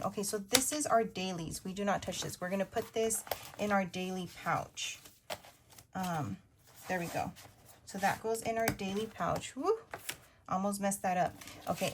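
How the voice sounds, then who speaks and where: Woman, 30s, upbeat rambling vlogger voice, mid pitch, faint background hiss. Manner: chatty, upbeat, rambling with fillers. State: partly whispering. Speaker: budgeting vlogger. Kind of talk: casual chatty narration over cash stuffing.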